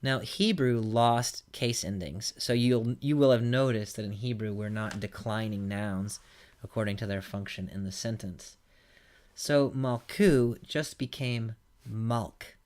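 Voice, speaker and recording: A man's voice: on the low side, steady tone, moderate pace, darkish tone. A man teaching a recorded language lesson, patiently walking through examples one at a time. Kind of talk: recorded lecture.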